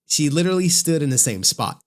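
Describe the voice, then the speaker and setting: Guy on stream recapping a movie, animated, keeps saying right?, does little voices for the quotes. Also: a little high, fairly quick. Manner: animated storytelling with frequent "right?" check-ins; acts out quoted lines in shifting voices. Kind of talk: casual film recap on stream.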